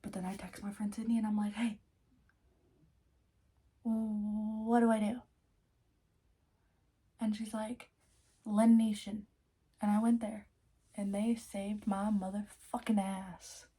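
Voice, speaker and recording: A woman's voice: mid-range voice, slow, long pauses, breathy edge. Breathless, laughing young woman. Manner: animated, swears freely, laughs often. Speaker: vlogger. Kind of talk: casual storytime vlog.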